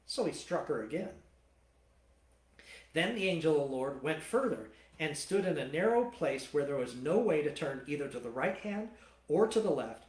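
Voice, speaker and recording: A man pastor teaching a sermon, retelling the story in a lively, colloquial storytelling way. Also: a little high, moderate pace. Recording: roomy church hall.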